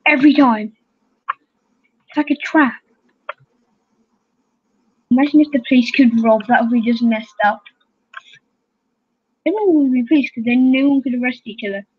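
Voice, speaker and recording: A woman hosting a gaming channel, chattering excitedly to her fellow players as she plays. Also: fairly high pitch, normal speed, long pauses, breathy edge. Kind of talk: casual gameplay commentary. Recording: dull lo-fi home recording.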